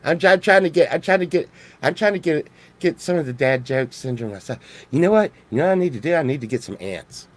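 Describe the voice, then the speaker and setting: A man's voice: fairly high pitch, expressive, fast talker. A man from Texas, rambling jokily in a casual monologue full of restarts and swearing. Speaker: vlogger.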